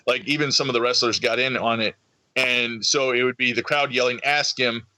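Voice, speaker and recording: Excitable man telling a story. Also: mid-range voice, brisk, dry recording, rough recording. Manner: excitable storyteller, acts out crowd voices. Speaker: podcast co-host. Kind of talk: casual chat.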